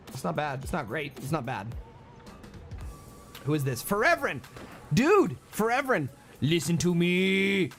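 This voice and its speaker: A man's voice: sits high, fairly bright tone. A man giving brash, joking game livestream commentary and coaching his viewers. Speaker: game streamer.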